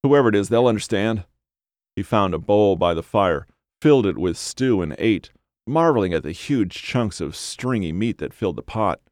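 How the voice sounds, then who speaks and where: Here the very low-voiced man relates a dark horror story with measured drama and an expressive, somewhat dark tone. Every line is deliberately timed and given weight to keep the suspense high. The sound is intimate and dry, with zero reverb.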